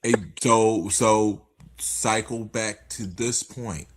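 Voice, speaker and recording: A man with a low, grounded voice argues his points with emphasis, pressing each claim home in casual talk. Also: steady tone, slow. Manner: emphatic, argumentative.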